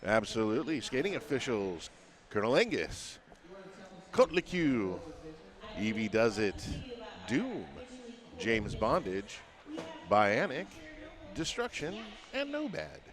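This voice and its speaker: A man calls a roller derby game live from the booth, punching out player names with upbeat energy. The arena crowd can be heard clearly behind him. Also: medium pitch, huge pitch swings, a little slow. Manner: upbeat, reads lineups with shouted emphasis. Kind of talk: live sports commentary.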